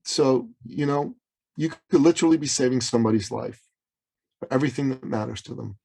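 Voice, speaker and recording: A male business coach from Iran recounting a client's story on a remote interview. His voice sits at a middle pitch and rises sharply when he acts out other people's lines. He talks with dramatic, storytelling energy. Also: a little mellow, rough recording. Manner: dramatic, acts out quotes with big pitch swings. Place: Toronto. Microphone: remote call.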